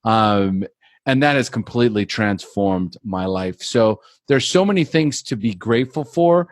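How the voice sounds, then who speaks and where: Man, podcast guest, earnest storyteller, mid pitch, dry close sound. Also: no room sound. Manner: earnest, repeats words while building a story. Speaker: podcast guest, life coach. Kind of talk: personal storytelling.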